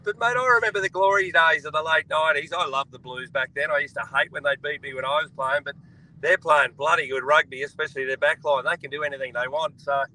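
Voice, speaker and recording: A man's voice: a little high, fairly even intonation, fast, pushed and bright, rough recording. A middle-aged Australian man on a boat, talking over a phone or video call as a guest in casual sports chat, blokey and calling everyone mate. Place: on a boat, outdoors.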